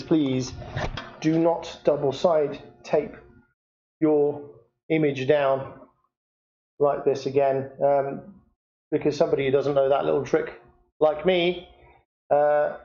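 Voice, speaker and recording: A man talking through a picture framing job step by step in a workshop, unhurried and hesitant, with many fillers. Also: fairly high pitch, mellow. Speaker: picture framer demonstrating. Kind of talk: hands-on workshop demonstration. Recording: echoey room, dull lo-fi sound.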